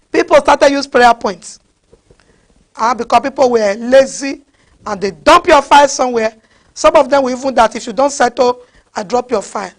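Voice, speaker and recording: High-pitched woman, preaching, animated, pidgin asides. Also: moderate pace. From West Africa. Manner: animated, repeats "huh?" to the crowd, mixes in pidgin. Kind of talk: sermon.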